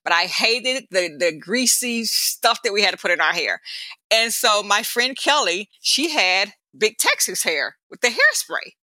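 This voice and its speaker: A middle-aged woman telling her life story as an interview guest, animated and chatty, often laughing and acting out the people she quotes. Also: medium pitch, measured pace, no echo, rough recording. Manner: animated, laughing storyteller who acts out voices; casual and chatty, addresses the hosts directly.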